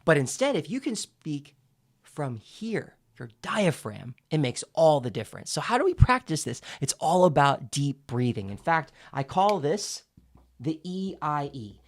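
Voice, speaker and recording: In an instructional video, a man teaches public speaking, emphatic and clearly enunciated, demonstrating exercises while he explains them. His voice is on the high side, very animated, and a little slow.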